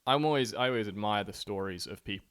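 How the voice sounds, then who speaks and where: A man's voice: on the low side, quick pace, fairly bright tone, smooth. A man who makes YouTube videos, riffing in casual podcast banter and laughing often. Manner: laughing, riffing with mock-quoted voices.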